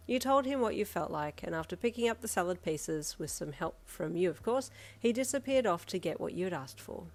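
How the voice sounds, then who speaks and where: A woman narrating a second-person fan fiction story in a casual storytelling manner. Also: fairly low pitch.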